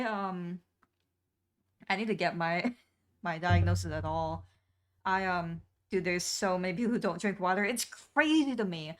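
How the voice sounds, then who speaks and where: A young woman streamer chatting casually while she draws, rambling with lots of fillers and restarts. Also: lowish voice. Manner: rambling, many fillers and restarts, laughs often.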